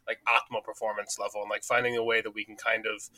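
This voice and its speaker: Bright-voiced jokey male podcast co-host. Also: lowish voice, little pitch movement, fast, dry recording. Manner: chatty, jokey, self-deprecating. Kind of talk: casual chat. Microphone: studio microphone.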